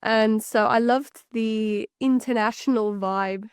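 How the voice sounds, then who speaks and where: A woman's voice: a little high, slow pace, smooth, no echo. A young woman co-hosting a podcast, chatting in a rambling way with light laughs. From England. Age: young adult. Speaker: podcast co-host. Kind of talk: casual chat.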